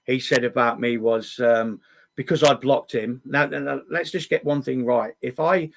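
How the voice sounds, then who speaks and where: A man's voice: medium pitch, fairly even intonation, normal speed, vocal fry. A man hosting a live stream, talking bluntly with many restarts and the odd swear word. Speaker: livestream host. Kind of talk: casual live chat.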